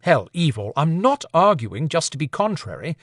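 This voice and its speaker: A man's voice: a little high, sing-song, moderate pace, a bit bright, no room sound, clean studio sound, pitched above the performer's own voice, heavily acted. A man reading an audiobook voices a determined woman supernatural warrior, blunt and impatient. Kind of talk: audiobook character voice.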